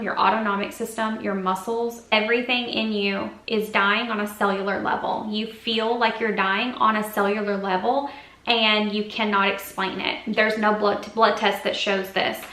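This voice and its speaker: Woman vlogger, confessional and rambling, crisp bright tone, echoey room on a camera mic. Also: medium pitch. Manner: earnest, confessional, rambling storytelling. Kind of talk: personal health update to camera. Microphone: built-in camera mic.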